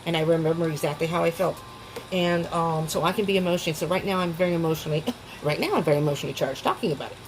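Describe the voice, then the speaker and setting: A woman tarot reader speaks rapid-fire in a low-pitched voice on a rough recording with faint background noise. Her delivery is casual, chatty, and emotional, and she laughs often and restarts sentences.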